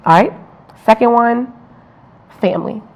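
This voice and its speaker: A woman interviewing a guest in casual conversation, encouraging and quick to affirm what he says. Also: fairly high pitch. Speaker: student interviewer. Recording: dull lo-fi recording.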